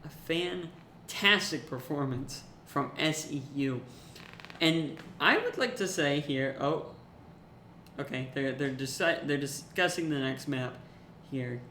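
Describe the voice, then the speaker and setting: A young man calls a college esports match in play-by-play, excitable and joking, his voice climbing as the fights heat up. His tone is bright and fairly high, and the room around him sounds echoey with a faint hum of ambience. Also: slow. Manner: excitable, jokey, rising to shouts in big plays. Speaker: esports caster. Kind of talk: play-by-play commentary.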